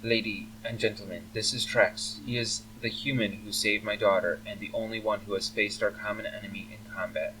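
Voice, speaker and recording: A man voicing a cold, aristocratic elf father who speaks in a formal, measured, icy way. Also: lowish voice, fairly even intonation, pushed and bright, a little hiss or hum. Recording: faint humming, slightly distant mic.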